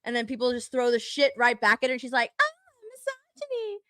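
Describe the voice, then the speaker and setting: A woman's voice: a little high, level tone, fast talker, a bit bright, dry recording, clean studio sound. A woman co-hosting a casual livestream, sarcastic and dismissive as she comments. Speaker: co-host.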